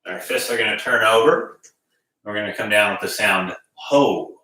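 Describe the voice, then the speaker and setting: A man leads a gentle qigong session, calmly talking students through each breath and movement. His fairly low voice is recorded from a distance and rings through a very echoey room. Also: normal speed. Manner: calm, gently guiding with breath cues. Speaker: qigong instructor. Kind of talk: guided movement class.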